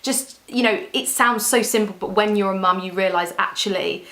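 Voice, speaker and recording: A woman's voice: medium pitch, moderate pace, fairly bright tone. A young woman chatting candidly to camera as a vlogger, often restarting her sentences. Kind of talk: casual chat to camera. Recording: echoey room.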